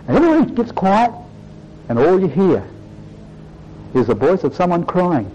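A man's voice: high voice, very animated, fairly quick, mellow. A man preaching a sermon to his congregation, earnest and emphatic, often addressing them as brothers and sisters. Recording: dull lo-fi recording.

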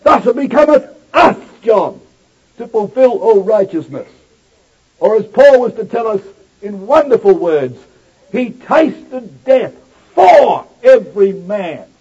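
Husky man preaching a dramatic sermon. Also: sits high, a little mellow. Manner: dramatic, emphatic delivery with sudden swells and drops. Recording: dull lo-fi recording.

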